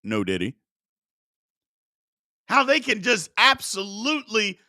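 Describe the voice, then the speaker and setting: A man's voice: high voice, wildly swooping pitch, slow, long pauses, bright, forceful tone, no echo, clean studio sound. A man hosting a sports talk show, arguing heatedly with his chat and preaching about respect. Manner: combative, preachy, exclaims "Lord have mercy".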